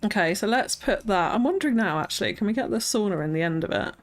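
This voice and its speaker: A British woman talks casually through a live stream of a city-building game, musing aloud as she works. Her voice sits at a middle pitch. She greets viewers in chat and often slips into a nervous little laugh. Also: lively intonation, fast. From Britain. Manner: thinks aloud, chatty, frequent nervous laughs.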